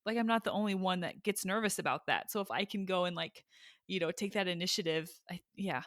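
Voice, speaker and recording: A woman's voice: on the low side, a little fast, fairly bright tone, no room sound, clean studio sound. A woman hosting a casual interview, agreeable and reflective, chiming in and laughing along. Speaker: host.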